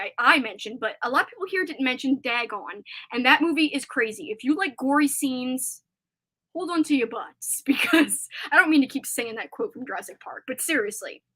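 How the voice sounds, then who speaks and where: A woman's voice: sits high, fairly bright tone. A woman hosting a casual live stream, chatting in a rambling way with many filler words.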